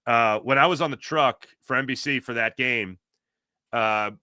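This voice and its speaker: A man, a guest telling excited stories in casual chat. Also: medium pitch, moderate pace, no echo, studio quality. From Philadelphia. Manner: excited storytelling, animated.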